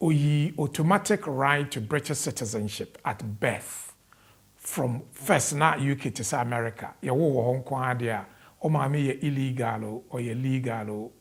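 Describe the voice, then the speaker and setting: A man's voice: mid-range voice, creaky, breathy edge. A man with a Ghanaian accent, an immigration adviser explaining the rules to an interviewer and slipping English legal terms into his Twi.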